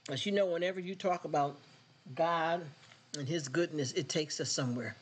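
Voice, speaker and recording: A man's voice: fairly high pitch, normal speed. Earnest man preaching to his stream. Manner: preachy, earnest, addresses viewers directly. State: emotional, choked up. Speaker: live stream host. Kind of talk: casual faith talk with live chat.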